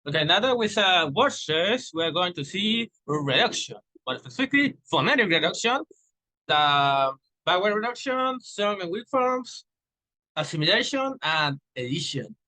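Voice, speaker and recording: A young man whose first language is Spanish presents a class lesson on pronunciation. His voice sits a little high and sounds bright and forward. He stretches his example words out slowly and restarts his sentences now and then. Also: big pitch swings, low-quality recording. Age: young adult. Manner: explains with slow drawn-out example words, restarts and fillers. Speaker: student presenter. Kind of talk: recorded class presentation on phonetics.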